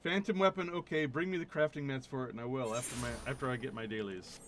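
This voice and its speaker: Chatty, bright-voiced male game streamer. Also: medium pitch, fast talker, soft background music. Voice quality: chatty, self-amused, rambling. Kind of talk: casual gameplay commentary.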